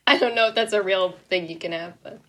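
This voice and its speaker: A woman's voice: mid-range voice, fast talker. A woman guest podcaster joining by remote link for casual banter, chatty and self-deprecating, laughing often.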